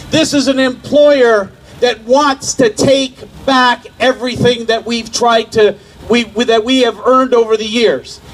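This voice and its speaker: A man giving a fiery union rally speech outdoors, building his lines through repetition up to shouts. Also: very high voice, slight background noise, rough recording. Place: outdoor rally outside a company headquarters.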